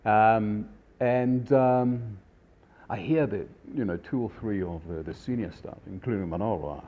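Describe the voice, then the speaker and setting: A man, a chef, telling stories from his career in a rambling, animated way with many fillers. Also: lowish voice, a little slow, narrow, tinny audio. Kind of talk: casual storytelling.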